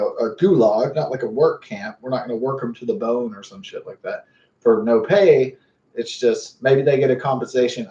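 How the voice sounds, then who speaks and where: A young man rambling in a halting monologue, full of fillers and restarts. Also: medium pitch, darkish tone. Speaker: vlogger. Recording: roomy, muffled, from a distance.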